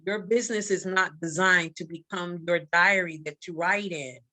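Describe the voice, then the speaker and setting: Emphatic Barbadian woman, low voice. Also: steady tone, moderate pace, bright, forceful tone. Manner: emphatic, preacherly, repeats key lines. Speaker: guest, magazine publisher and coach. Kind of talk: live-stream interview.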